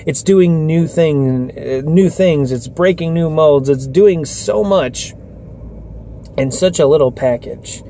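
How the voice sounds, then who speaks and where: A man's voice: fairly high pitch, slow, warm tone, a little hiss or hum. A tired, worn-out young man vlogging casually into his phone camera, rambling with lots of fillers and restarts. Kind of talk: casual vlog talk.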